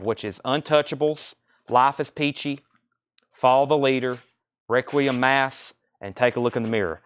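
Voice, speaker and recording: A man hosting a live-streamed record sale, briskly listing titles and prices and taking bids in a casual selling patter. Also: medium pitch, fairly bright tone, clean tone, no echo, studio quality. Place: record shop.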